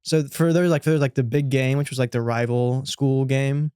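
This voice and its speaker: A man's voice: mid-range voice, flat delivery, a little fast, dark tone, clean tone, dry recording, clean studio sound. A young man hosting a podcast, telling school stories in casual chat with laughs and loose swearing. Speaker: podcast host.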